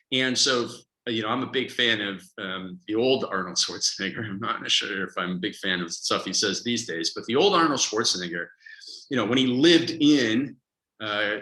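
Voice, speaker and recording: A man's voice: fairly low pitch, roomy sound, rough recording. A man coaching on a motivational podcast, talking emphatically and acting out the voices in people's heads. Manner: energetic, emphatic, acts out inner voices. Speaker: productivity coach.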